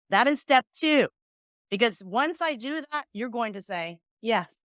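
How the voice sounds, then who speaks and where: A woman mediator and negotiation coach speaks unhurriedly in a mid-range voice during a podcast interview, recorded with studio quality and no echo. She's animated, acting out sample exchanges as she explains her points.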